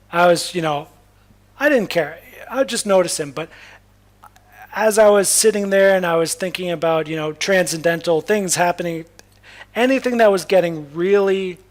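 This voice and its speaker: Candid young man telling a rambling story. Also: fairly high pitch. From Massachusetts. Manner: candid, rambling with restarts, swears freely. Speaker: spiritual vlogger. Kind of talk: casual personal storytelling monologue.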